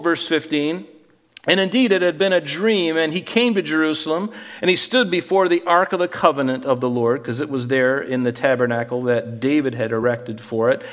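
A man preaching a sermon as pastor, teaching through a Bible passage with animated voicing of God and Solomon. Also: fairly high pitch, in a large hall.

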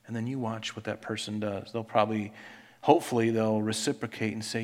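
A male pastor preaching a sermon, building to loud, emphatic scripture reading and dropping to quiet appeals. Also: fairly low pitch, little pitch movement, brisk, long reverb tail.

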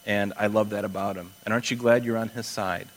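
A man preaching a sermon and reading scripture aloud, conversational and emphatic, dropping low and quiet to stress a point. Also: fairly even intonation, fast talker, rough recording. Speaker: pastor.

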